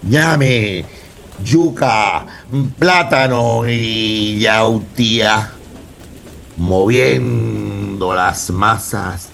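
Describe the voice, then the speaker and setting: Slow, chanting older poet. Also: male voice, mid-range voice, gravelly, a little hiss or hum. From Puerto Rico. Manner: rhythmic, chanting refrains, slipping between English and Spanish. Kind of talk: spoken word poetry performance.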